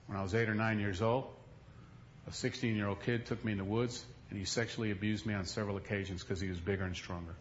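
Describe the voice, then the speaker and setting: A man's voice: lowish voice, steady tone, fast, highs cut off, a little hiss or hum. A male pastor preaching a sermon in a folksy, emphatic storytelling manner, recorded in a church.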